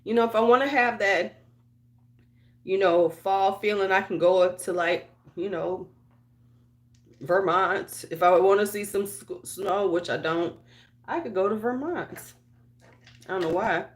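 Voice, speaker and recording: A woman with a Chicago accent chats loosely with viewers during a morning skincare livestream. Her talk wanders in relaxed, rambling runs packed with fillers and false starts, and she greets people in the chat by name as she goes. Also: mid-range voice, unhurried, long pauses. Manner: chatty, rambling, full of fillers and restarts; talks to viewers by name while getting ready. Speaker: beauty vlogger.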